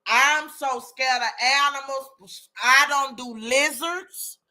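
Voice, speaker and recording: A woman's voice: high-pitched, steady tone, slow, sharp tone. A woman hosting a casual live chat, exclaiming and talking to listeners by name. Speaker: host of a live chat room.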